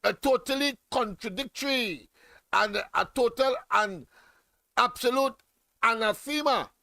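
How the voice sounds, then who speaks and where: A man's voice: extremely high pitch, a little slow, vocal fry, bright, forceful tone, dry recording. A man hosting a political radio talk show, speaking emphatically with many fillers and repeated phrases. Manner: emphatic, repetitive, heavy fillers.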